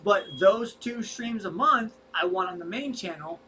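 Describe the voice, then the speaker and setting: A man's voice: high-pitched, lively intonation, a little slow, sharp tone, distant mic, rough recording. A man co-hosting a casual livestream chat, rambling and restarting as he talks, set back from the mic with faint noise behind. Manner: rambling, restarts often, stretches words when stressing them. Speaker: co-host of a fish rescue livestream.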